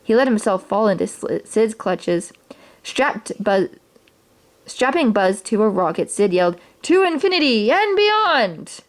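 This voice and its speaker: A woman reading a children's storybook aloud in a clear, steady storytelling way. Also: mid-range voice, a little slow.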